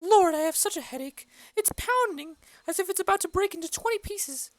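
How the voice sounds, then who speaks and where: A fussy old nurse, read by a woman in an amateur play reading. She sits very high in pitch, grumbling about aching bones and bossing people around with a teasing edge. The sound is dry and close. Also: expressive, a little fast, dry recording. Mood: complaining.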